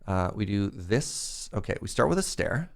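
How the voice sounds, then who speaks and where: A man's voice: fairly low pitch, big pitch swings, normal speed, creaky. A man streaming a building game, chatting casually and thinking aloud as he builds. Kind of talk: casual livestream chat while playing.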